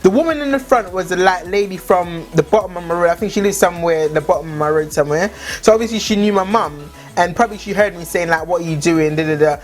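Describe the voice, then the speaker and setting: A woman's voice: lowish voice, fast, few pauses. A young woman telling a story in a chatty way, many "like" fillers. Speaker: vlogger. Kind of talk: casual storytime chat.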